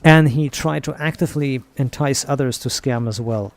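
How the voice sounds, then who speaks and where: A young man streams a game and rambles through a story, swearing casually as he goes. His voice sits in the mid range at a normal speed, with no room sound. It's relaxed gaming chat.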